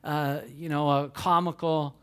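A middle-aged male pastor preaching a sermon, telling a story with animated outbursts and dropping to hushed, earnest tones. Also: fairly high pitch, a little slow, smooth.

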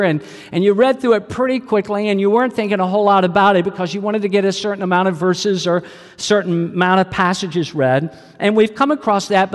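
A man's voice: sits high, big-room sound. A male pastor delivering a sermon, telling a story and asking his listeners questions. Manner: storytelling, asks the audience questions.

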